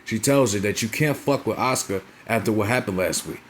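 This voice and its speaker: Rambling young man recapping, low voice. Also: a little fast, fairly bright tone, slight background noise. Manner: profane, rambling, lots of filler tags like "right?" and "you know what I'm saying?". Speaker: wrestling show reviewer. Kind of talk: casual recap and commentary.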